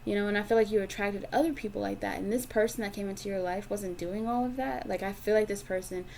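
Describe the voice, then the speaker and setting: A young woman delivers a tarot reading in a frank, profane, emphatic way, circling back to the same points again and again. Her voice sits at a middle pitch, with a faint hiss of noise behind it. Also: fairly even intonation, fast, gravelly, a little mellow. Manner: blunt, profane, emphatic, with lots of repetition. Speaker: tarot reader.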